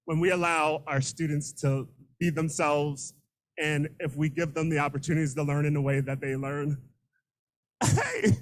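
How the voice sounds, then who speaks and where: A middle-aged man, a teacher, giving an unscripted, emotional acceptance speech into a handheld microphone, halting and repeating words. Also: on the high side, little pitch movement, poor audio. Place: room full of students and colleagues.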